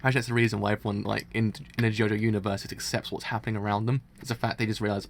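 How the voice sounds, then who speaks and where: A man giving live reaction commentary as a streamer reacting to a manga, rambling excitedly and laughing. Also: lowish voice, very fast, few pauses, a little hiss or hum.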